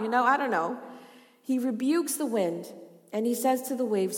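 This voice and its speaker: A woman pastor preaching a sermon, swinging between loud passionate pleas and hushed asides. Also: mid-range voice, normal speed. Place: church hall. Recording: long hall reverb.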